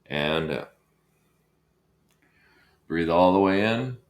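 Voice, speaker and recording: A man with a low voice guides a breathwork session, giving calm cues and counting the breaths down. His voice carries a roomy echo. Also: normal speed, lo-fi sound. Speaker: breathwork instructor.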